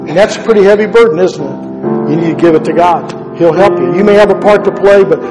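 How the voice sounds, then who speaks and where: A man's voice: sits high, fairly quick, over music. Man preaching in a reverberant church. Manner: earnest, conversational preaching with repeated phrases. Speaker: pastor. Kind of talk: sermon. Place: church sanctuary.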